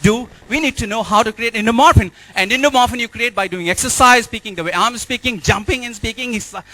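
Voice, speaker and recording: Indian male life coach, high sharp voice, energetic stage speaker. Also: fast talker, low-quality recording. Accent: Indian English. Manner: energetic, repetitive, exhorting the audience. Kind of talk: motivational stage speech. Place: hotel event hall.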